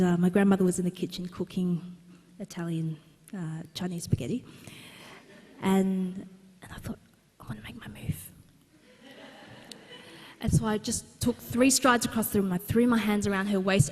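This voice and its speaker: The speaker, an Australian woman at a book launch, gives a comic, anecdotal talk heavy with fillers before a live audience. Her medium-pitched voice is darkish and slightly rough at a moderate pace, echoing with long reverb in the large exhibition hall.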